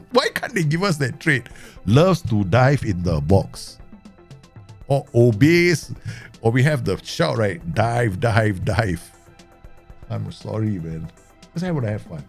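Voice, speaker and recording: Animated gravelly male game streamer. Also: slow pace, pauses often, soft background music. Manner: excitable, laughs often, animated pitch swings. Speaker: gaming streamer. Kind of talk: casual game commentary.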